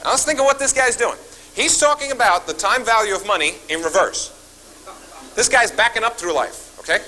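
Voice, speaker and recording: A man's voice: sits high, fairly quick, rough recording. A man telling stories at a seminar, acting out his phone calls and turning often to the audience. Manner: animated, acts out phone calls, talks to the audience. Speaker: seminar speaker. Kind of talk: seminar storytelling.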